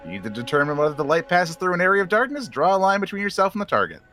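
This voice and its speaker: A man playing a tabletop game, animated and excitable as he describes his character's spell. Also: sits high, very fast, soft background music. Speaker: player.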